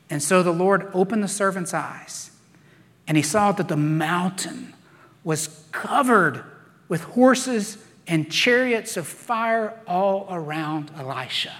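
A man's voice: high voice, animated, slow, fairly bright tone. A man preaching a sermon, telling Bible stories with playful acted-out voices. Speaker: pastor. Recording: long reverb of a large hall.

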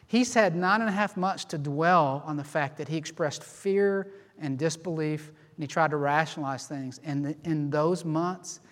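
A man preaching a sermon as a pastor, expressive and animated as he acts out people's responses, recorded in a church sanctuary. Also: fairly high pitch, measured pace, hardly any pauses. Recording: long hall reverb.

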